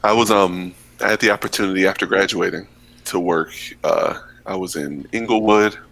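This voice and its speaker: Podcast host: a low-voiced man, easygoing and conversational. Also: poor audio. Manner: relaxed, filler-heavy, quick backchannels. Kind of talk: casual conversation.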